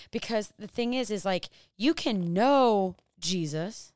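A young woman giving a casual faith talk, animated, full of rhetorical questions and self-deprecating asides. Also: medium pitch, a little slow, few pauses, dry recording, clean studio sound. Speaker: Christian vlogger and small business owner.

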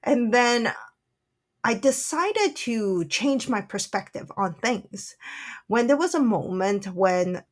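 Slow-speaking earnest woman storyteller. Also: fairly high pitch, animated. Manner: soft and earnest, with frequent "like" fillers. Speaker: spiritual channeler and author. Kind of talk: personal reflective storytelling.

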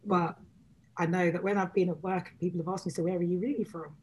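A woman's voice: fairly low pitch, fairly even intonation, quick pace, darkish tone, low-quality recording. Playful woman on a panel. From Northwest London. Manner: playful, acts out dialogues. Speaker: podcast regular. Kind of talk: casual panel chat.

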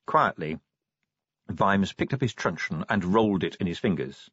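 Husky-voiced male audiobook narrator. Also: low-pitched, expressive, moderate pace, fairly bright tone, no echo, lo-fi sound.

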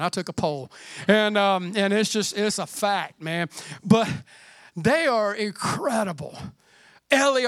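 A middle-aged man preaching a sermon in a fervent, conversational way, often dropping to a hushed near-whisper. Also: high-pitched, clean tone, dry recording, studio quality. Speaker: pastor.

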